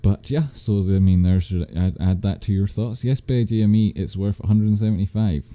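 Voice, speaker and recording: A man's voice: on the low side, fairly even intonation, moderate pace, mellow. A man hosting a live stream, casually answering viewers' chat questions in a rambling, self-correcting way. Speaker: livestream host answering chat.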